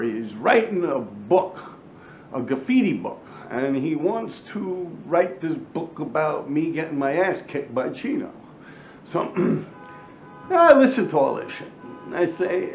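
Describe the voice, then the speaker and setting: A man's voice: fairly high pitch, creaky, a little hiss or hum. A middle-aged man, telling profane street stories to a camera in casual storytelling. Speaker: former graffiti writer telling stories. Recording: echoey room, slightly dull sound.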